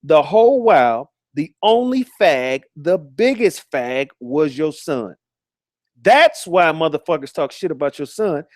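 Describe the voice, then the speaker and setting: A man with a fairly high voice rants on his live stream, cursing freely and mocking his target. He stumbles, restarts and repeats words as he pushes on. The sound is close and dry, with no room around it. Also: animated, a little slow, no room sound. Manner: profane, combative, mocking.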